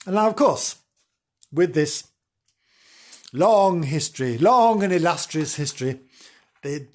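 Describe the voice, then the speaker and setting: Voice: medium pitch, lively intonation, takes it slowly, pauses often, a little mellow. A podcast host telling a ghost story in a theatrical, gasping way, often repeating words and breaking off mid-sentence. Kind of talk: casual ghost-story narration.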